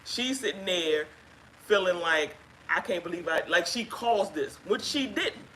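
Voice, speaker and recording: A woman casually telling a personal story on a live stream, chatty and halting with fillers, acting out what others said. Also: fairly low pitch, lively intonation, a bit bright, a little hiss or hum, low-quality recording. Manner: chatty, halting with fillers, acts out quoted speech. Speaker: guest sharing her story.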